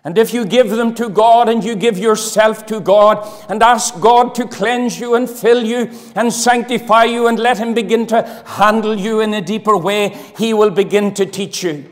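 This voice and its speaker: A man preaching a sermon with fervour, his voice swinging from loud declarations to hushed appeals. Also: high-pitched, fairly even intonation, normal speed, hardly any pauses. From Northern Ireland. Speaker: pastor. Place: church hall. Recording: long hall reverb.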